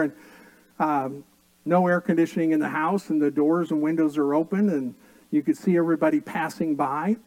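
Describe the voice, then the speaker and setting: A man's voice: a little high, steady tone, normal speed, a little mellow, no echo, rough recording. A middle-aged man, a pastor, preaching a sermon and telling family stories with dry humor.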